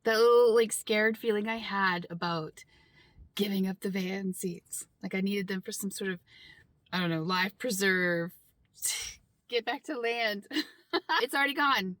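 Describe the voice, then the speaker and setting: A woman in her thirties talking openly and casually to the camera from inside her van, loud at times and quick to laugh. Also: medium pitch, dry recording. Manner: chatty and open, with frequent laughs and quick asides; talks loudly at times. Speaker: van life vlogger. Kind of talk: casual vlog talk.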